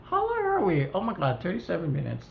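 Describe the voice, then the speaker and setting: A fast-talking woman from Hawaii with a lowish voice and vocal fry rants casually to viewers in her home kitchen. Her Hawaiian Pidgin-tinged storytelling is animated, with the dialogue acted out, and the recording comes across roomy, slightly dull, with a faint hiss.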